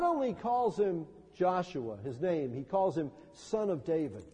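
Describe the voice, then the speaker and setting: A man's voice: fairly high pitch, sing-song, a little slow, few pauses, a little mellow, husky. A man preaching a sermon as pastor, reading scripture and rising to impassioned cries. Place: church sanctuary. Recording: long church reverb.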